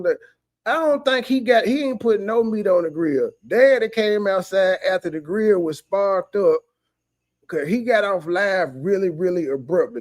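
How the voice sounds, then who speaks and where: A man's voice: high-pitched, darkish tone. A man giving casual, profane, mocking commentary on a clip as a streamer, heckling and mimicking the people in it.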